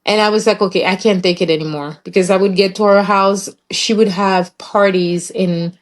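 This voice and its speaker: A woman's voice: mid-range voice, fairly even intonation, normal speed. A young adult woman, an interview guest, telling an emotional personal story and acting out the voices of people in it.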